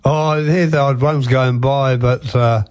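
An older man giving casual commentary on a radio talk show, speaking in a measured, hesitant way. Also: medium pitch, fairly even intonation, darkish tone. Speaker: regular commentator.

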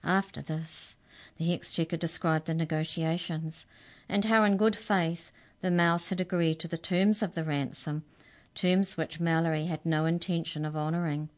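A woman with a low voice reads a children's story aloud. Her narration is clear and expressive, and she brings the figures in smoothly. She sounds like a seasoned storyteller. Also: normal speed.

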